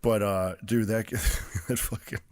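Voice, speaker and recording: A man's voice: lowish voice, steady tone, takes it slowly, dry recording. A young man co-hosting a podcast in casual chat, loose and profane, laughing often and filling his talk with "like.". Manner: loose, profane, laughs a lot, many filler "like"s. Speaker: podcast co-host, pro wrestler. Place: podcast studio.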